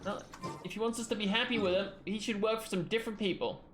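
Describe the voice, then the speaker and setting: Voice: mid-range voice, fairly even intonation, fast talker, echoey room, music in the background. A streamer giving dry, sarcastic, casual commentary over a video game.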